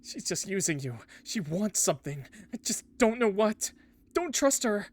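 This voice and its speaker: A man's voice: high voice, big pitch swings, moderate pace, heavy background noise, pitched above the performer's own voice. A man doing a frantic trapped game character. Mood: frantic pleading. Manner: desperate, urgent pleading.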